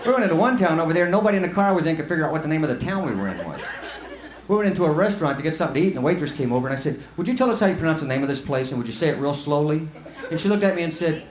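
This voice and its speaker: A man's voice: a little high, lively intonation, very fast, reverberant, slight background noise. A man from Lubbock doing a live stand-up set, folksy and rambling as he tells stories. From Lubbock, Texas. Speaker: stand-up comic. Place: comedy club stage. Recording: live club with loud laughing audience.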